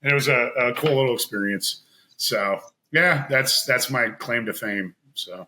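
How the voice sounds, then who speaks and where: A man telling a long personal story in casual chat as a podcast guest, animated and laughing, acting out what others said. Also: mid-range voice, unhurried, rough recording. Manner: animated, laughing, acts out quoted voices.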